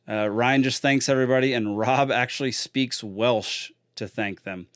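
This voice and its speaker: A man's voice: medium pitch, a bit bright, clean tone, dry recording, clean studio sound. A man hosting a solo podcast, recapping in a chatty, rambling way with lots of fillers and restarts. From Texas. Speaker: podcast host.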